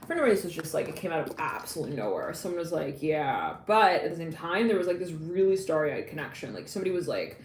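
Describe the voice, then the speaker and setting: A woman giving a live tarot reading in a chatty, excitable way, laughing often and acting out little quoted lines. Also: low voice, fast talker, few pauses, reverberant, a little hiss or hum. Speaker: tarot reader.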